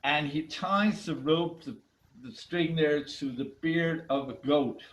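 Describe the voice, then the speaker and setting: A man telling a myth in an animated, dramatic way, with halting restarts, over a video call. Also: a little high, low-quality recording. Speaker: storyteller. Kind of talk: myth storytelling.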